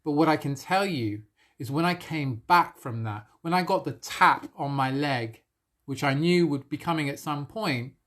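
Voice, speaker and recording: A man sharing a personal spiritual experience on a live stream, earnest and emotional, with soft laughs between phrases. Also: on the high side, moderate pace. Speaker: spiritual coach.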